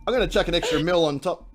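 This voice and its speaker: Joking high-voiced Australian quiz host. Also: male voice. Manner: joking, laughs often, swears freely. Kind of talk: casual live quiz banter.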